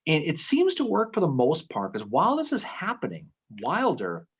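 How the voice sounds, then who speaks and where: A man co-hosting a casual history podcast, telling the story with lively acted-out quotes and frequent "okay?" asides. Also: medium pitch, breathy edge. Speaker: podcast co-host.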